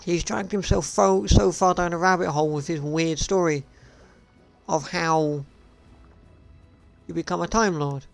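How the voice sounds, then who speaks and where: A man's voice: fairly high pitch, fairly even intonation, measured pace, gravelly, long pauses, faint music behind. A man streaming live, ranting in a sarcastic, profane and repetitive way. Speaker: gaming streamer. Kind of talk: casual live-stream rant.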